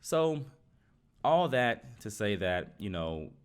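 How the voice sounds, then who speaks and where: A young man telling his own life story to his viewers in a halting way, often repeating words as he goes. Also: fairly low pitch, big pitch swings, clean tone. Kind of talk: personal storytelling to camera.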